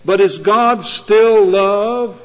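Slow, earnest preaching man in an echoing church. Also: high-pitched. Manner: measured, earnest preaching with dramatic pauses. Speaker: pastor. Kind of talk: sermon. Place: church sanctuary. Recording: dull lo-fi recording in a reverberant church.

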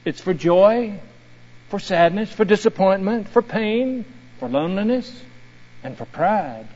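A man's voice: sits high, lively intonation, unhurried, darkish tone. A man voicing an eager, proud Creator in a sermon. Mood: fervent. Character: the Lord God, male creator, proud and tender. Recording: dull recording in a reverberant hall.

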